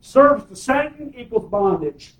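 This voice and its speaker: A pastor with a very high voice preaches emphatically and draws amens from the congregation. His voice carries through a roomy, echoey sanctuary. He is picked up from well back from the mic. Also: animated, normal speed, fairly bright tone, distant mic. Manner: emphatic, call-and-response preaching. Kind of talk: sermon.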